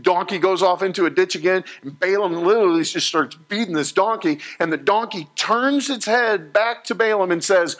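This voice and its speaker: Preacher guy telling a story to the church, fairly high voice, jokey and animated. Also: moderate pace. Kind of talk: sermon. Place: in front of a live congregation.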